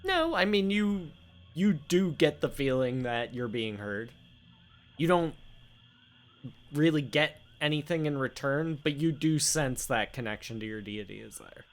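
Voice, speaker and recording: A man's voice: fairly high pitch, sing-song, measured pace. A man running a tabletop game as game master, talking casually, joking and laughing between lines.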